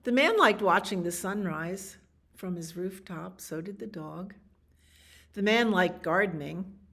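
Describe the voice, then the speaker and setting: A woman librarian reading a picture book aloud to children, expressive, with animal sounds and little asides. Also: lowish voice, unhurried.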